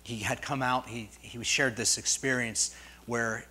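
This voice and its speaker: A middle-aged man preaching a sermon as pastor, telling stories in a rambling way and swinging from soft asides to loud, rising peaks. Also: mid-range voice, steady tone, unhurried, husky. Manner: storytelling, digressive, swings from quiet to loud; jokes with congregation.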